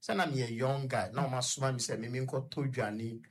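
A young man with a Ghanaian accent, a guest on a radio discussion, telling a personal story in a halting way and stuttering repetitions. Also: medium pitch, steady tone, husky.

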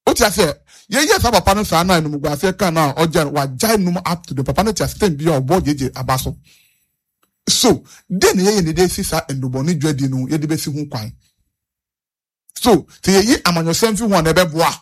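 A Ghanaian man speaks in a high, earnest voice. He presses his points and repeats them as he moves between Twi and English. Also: lively intonation, fairly quick, breathy edge. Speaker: interviewee. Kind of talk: street interview on national issues.

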